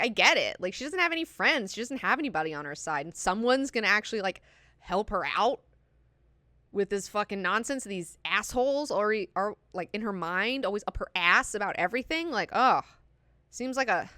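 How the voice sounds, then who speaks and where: A woman's voice: medium pitch, pushed and bright, no room sound, studio quality. A young woman hosting a book club, chatting casually and animatedly, swearing freely and acting out characters as she goes. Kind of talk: casual book discussion with read-aloud quotes.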